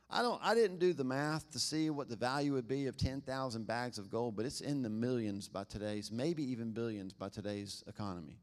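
A man's voice: medium pitch, fairly quick, hardly any pauses. Male pastor, conversational sermon delivery, engages the room with questions. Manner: conversational, asks the congregation questions.

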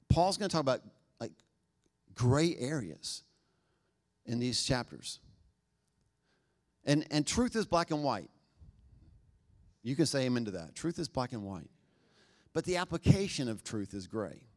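A middle-aged man preaches in a loose, conversational way, cracking jokes and acting out little quoted exchanges. His voice sits at an ordinary pitch, and he mixes humor into the talk. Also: a little slow, pauses often. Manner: conversational, joking, animated acted-out quotes. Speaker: pastor. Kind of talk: sermon.

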